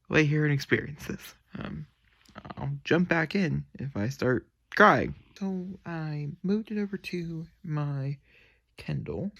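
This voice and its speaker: A man's voice: a little high, creaky. A young man rambling emotionally about a novel in a casual reading vlog from his bedroom at night, swearing freely. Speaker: book vlogger.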